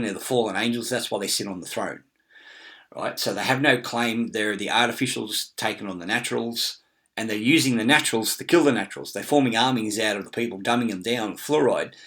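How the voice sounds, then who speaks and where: A man's voice: fairly low pitch, fast, fairly bright tone. A middle-aged man, rambling in a casual monologue with many fillers, restarts and frequent swearing. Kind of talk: casual screen-share monologue.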